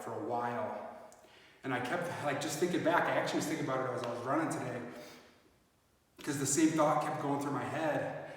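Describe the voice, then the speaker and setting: A man's voice: medium pitch, slight background noise. A man in a casual fitness vlog, talking reflectively with many fillers, recorded on a phone set up some distance away. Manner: rambling, reflective, lots of fillers. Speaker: fitness vlogger. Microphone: phone camera set up at a distance. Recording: echoey, roomy, from far off phone.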